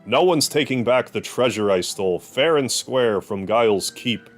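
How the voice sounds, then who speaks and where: A man reading out a video game's blustering male fiend boss, putting on a gruff, sneering impression. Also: mid-range voice, expressive, normal speed, soft background music, natural voice. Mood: commanding.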